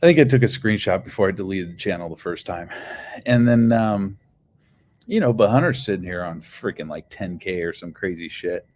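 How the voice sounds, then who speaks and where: A man's voice: deep voice, moderate pace, a little mellow, slight background noise. A man casually telling a long personal story, rambling with lots of fillers and swearing. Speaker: channel host.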